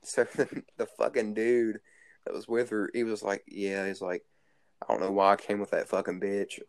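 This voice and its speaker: A man's voice: fairly low pitch, little pitch movement, moderate pace, no echo, studio quality. Crude young man telling rambling stories. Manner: crude, heavy swearing, rambling storytelling. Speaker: guest storyteller. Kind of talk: casual chat.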